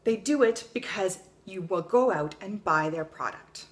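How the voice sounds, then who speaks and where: A woman's voice: medium pitch, animated, unhurried. A young adult woman vlogging in a casual, blunt way, swearing freely and telling stories with energy. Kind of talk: casual opinion vlog.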